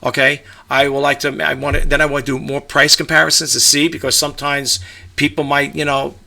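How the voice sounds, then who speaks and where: A middle-aged man from New York talks casually at home, his voice gravelly with fry. He rambles and restarts, full of fillers. His tone is bright and a touch high. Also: level tone, fairly quick. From New York, USA. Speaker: eBay reseller vlogger. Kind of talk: casual talk to camera. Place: home room with a grandfather clock.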